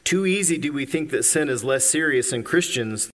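A pastor preaching a sermon, earnest and emphatic, with occasional ums and uhs. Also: male voice, mid-range voice, lively intonation, normal speed, a bit bright. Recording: long hall reverb.

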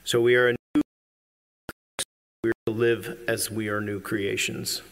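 A pastor preaching a sermon, earnest and emphatic, with occasional ums and uhs. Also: male voice, lowish voice, little pitch movement, measured pace, a bit bright. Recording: long hall reverb.

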